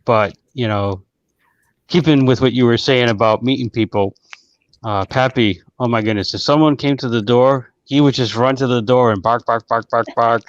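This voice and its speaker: A guest in a casual chat, telling animated stories about a pet. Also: moderate pace, dry recording. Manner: storytelling, animated when quoting. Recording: dry, dull low-fidelity sound.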